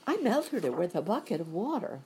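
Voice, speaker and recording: A woman's voice: on the low side, very animated, a little fast, mellow, a little hiss or hum, pitched above the performer's own voice. A woman voicing an earnest young girl who speaks up boldly and insistently.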